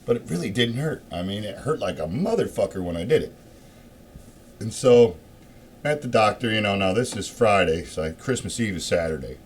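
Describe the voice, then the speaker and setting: A middle-aged man telling a rambling, profane story in a casual rant, swearing often and getting louder and more worked up as he goes. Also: lowish voice, lively intonation, moderate pace, breathy edge. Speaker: show host.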